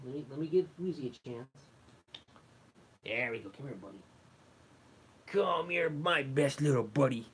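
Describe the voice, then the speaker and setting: A young man with a mid-range voice hosts a casual livestream, affectionately coaxing and fussing over his cat. There's slight background noise in the recording.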